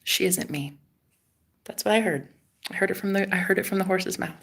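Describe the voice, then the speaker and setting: A woman telling a story to camera in a casual vlog, chatty and dramatic, with frequent swearing, her voice dropping to a hush and then rising loud. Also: mid-range voice, brisk, breathy edge. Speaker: vlogger.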